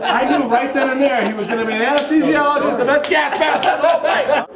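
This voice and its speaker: A man's voice: extremely high pitch, fast talker. A man on stage at a variety show, telling a funny story from his own childhood. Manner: animated, tells stories about his childhood. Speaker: comedian in a family variety act. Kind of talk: stage banter and anecdote. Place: large hall, live show. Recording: echoey hall with loud crowd. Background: crowd.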